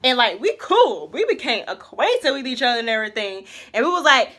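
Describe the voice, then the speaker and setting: A young woman vlogs her story in a high, bright voice. She rambles casually, heavy on fillers and slang, and stays animated. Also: moderate pace, hardly any pauses. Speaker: vlogger.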